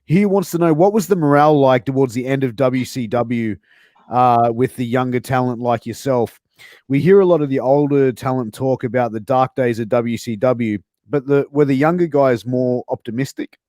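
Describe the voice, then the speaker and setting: A man's voice: mid-range voice, normal speed, a little mellow, no room sound. A man hosting a casual interview, agreeing easily and reading out audience questions. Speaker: podcast host.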